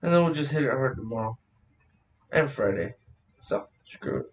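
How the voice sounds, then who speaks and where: A man's voice: mid-range voice, expressive, normal speed, lo-fi sound. A man hosting a casual podcast chat, rambling between topics, laughing often and swearing freely. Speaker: podcast host. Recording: voice distant from the mic.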